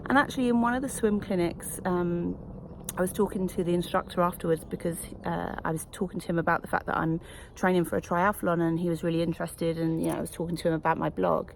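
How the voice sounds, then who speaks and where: Woman coach vlogging, low creaky voice, lots of ums, bit of hiss behind. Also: steady tone, fast. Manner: chatty, reflective, many fillers. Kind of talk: casual vlog to camera. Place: wellness retreat.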